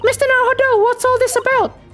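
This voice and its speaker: A woman's voice: very high-pitched, fairly even intonation, fast talker, fairly bright tone, soft background music, voice pushed up. A woman voicing a polite young Japanese woman, a cheerful legal assistant who speaks in formal, courteous phrases in a game playthrough.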